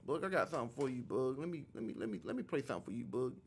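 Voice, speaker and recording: A man streaming a football video game, trash-talking with profanity in a loose, animated way. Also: medium pitch, very fast, vocal fry, slight background noise. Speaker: gaming streamer. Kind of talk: casual gameplay commentary.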